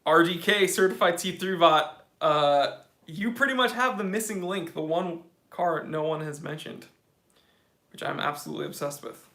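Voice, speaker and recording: An American man hosts a relaxed livestream, reading viewer comments aloud and answering them with easy enthusiasm. His voice is bright and a little higher than most men's. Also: normal speed. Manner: casual, enthusiastic, says dude a lot. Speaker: watch channel host.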